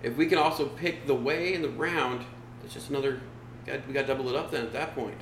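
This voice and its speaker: A man's voice: mid-range voice, fairly even intonation, fast talker, roomy sound, rough recording. Jokey guy talking bets, tumbles over his words, faint hiss behind him. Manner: joking, eager, repeats words. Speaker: podcast co-host. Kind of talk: casual chat.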